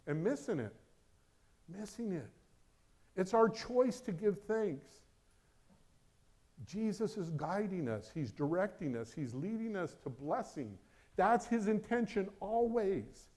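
Man, middle-aged, pastor, sermon, somewhat high voice, urgent questions, soft low asides. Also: expressive, measured pace.

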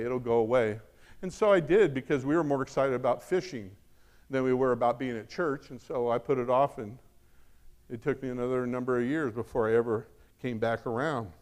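A middle-aged man preaching a sermon in a fairly high voice. He is animated, pressing points loudly, then dropping into soft, confiding asides. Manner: animated, swings from loud emphasis to quiet asides. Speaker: pastor.

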